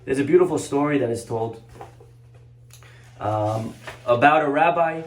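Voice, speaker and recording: Animated man telling a teaching story. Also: mid-range voice, measured pace. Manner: animated storyteller, acts out quotes. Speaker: rabbi teacher. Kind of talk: storytelling Torah lesson. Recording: echoey room.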